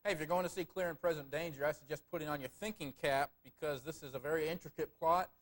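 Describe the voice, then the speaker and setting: A man's voice: a little high, fairly even intonation, crowd noise. A man co-hosting a live local TV film review show, joking casually and laughing often. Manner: quick, jokey, laughs often.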